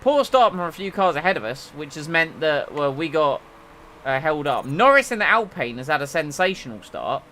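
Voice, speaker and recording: A man streaming a racing management game, talking casually and joking his way through qualifying and the race. His voice sits fairly high and bright, with a very animated, swooping pitch that jumps up when the action gets exciting. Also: moderate pace, slight background noise. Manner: jokey, rambling, excitable at race moments. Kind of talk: casual gameplay commentary.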